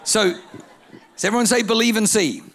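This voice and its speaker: A middle-aged male pastor preaching a sermon, telling stories with energy and building to shouted declarations. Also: sits high, a little fast, a faint crowd.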